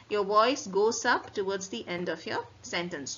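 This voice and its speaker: A woman French teacher with an Indian English accent, giving a classroom grammar lecture and explaining step by step while repeating example phrases slowly. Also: medium pitch, fairly bright tone, highs cut off.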